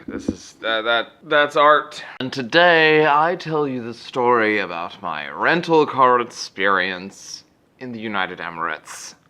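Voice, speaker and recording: A man from California, telling a comic story in a rambling, deadpan way from a hotel room. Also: medium pitch, unhurried, smooth. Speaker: comedic vlogger. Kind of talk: comedic storytelling.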